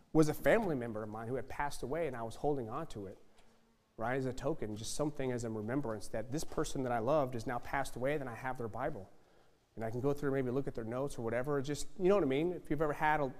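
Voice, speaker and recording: Fiery preacher man in a hall. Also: a little high. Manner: emphatic, repetitive, rising to shouts. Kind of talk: fiery sermon.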